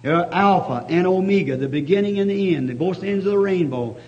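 Man, preacher, high voice, storytelling sermon, shouting bursts, muffled old tape. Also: a little fast. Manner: excitable, swings from hushed storytelling to shouting praise. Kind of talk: fervent revival sermon with storytelling. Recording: dull lo-fi archival tape.

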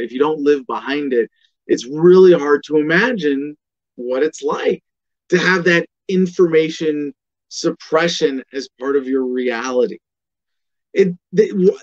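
A man's voice: medium pitch, darkish tone, highs cut off. A man giving an emphatic political commentary monologue, asking and answering his own questions.

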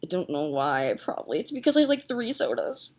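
A woman's voice: fairly low pitch, sing-song, brisk. A young woman rambling in a casual home vlog, chatty and giggly, laughing at herself as she talks. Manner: chatty, giggly, self-mocking. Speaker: vlogger. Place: home, indoors.

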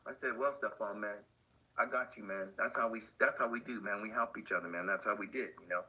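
Husky, bright-voiced man telling a story. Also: fairly quick, low-quality recording. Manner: acts out quoted voices, swinging high and low; laid-back slangy talk with laughs. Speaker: podcast guest, skateboarder. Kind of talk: animated storytelling.

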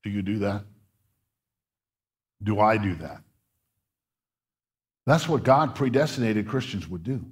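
A man's voice: expressive, measured pace, pauses often. A male pastor preaching a sermon in a church, earnest, repeating his words and rising as he presses his points. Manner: earnest preaching, repeats words, rises in pitch when stirred. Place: church sanctuary.

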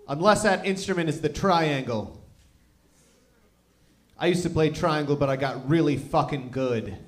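A man doing stand-up comedy on a club stage, delivering deadpan one-liners. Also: on the high side, unhurried.

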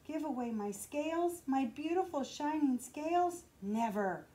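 A woman doing a vain storybook rainbow fish, haughty and sharp, loud and pushy, voice jumping up when crossed. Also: high-pitched, animated, a little slow. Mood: self-pitying.

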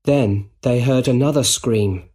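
A man reads a simple story aloud for English learners, in a clear, deliberate way. His voice is husky, with a middle pitch, and he keeps the pace very slow. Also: mellow. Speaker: narrator.

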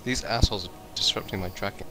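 A man's voice: fairly low pitch, fast talker. Young man joking over game chat. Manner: jokey, playful complaining. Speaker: gamer on voice chat. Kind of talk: casual gaming banter. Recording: game music behind the voice chat.

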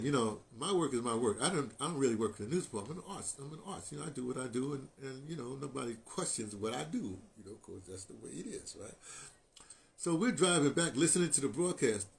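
An older man, a radio artist, telling a long personal story in an animated, emotional way, full of restarts and asides. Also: mid-range voice, creaky, a little hiss or hum.

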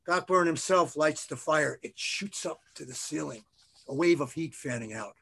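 A man, an author, reading his own novel aloud in a measured, expressive way. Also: on the high side, gravelly, husky.

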